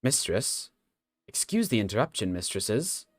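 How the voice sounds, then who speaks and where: A man's voice: fairly low pitch, very animated, measured pace, breathy edge, no echo, exaggerated voice. A man reading the lines of a polite, deferential robot servant from a game aloud, in a formal manner.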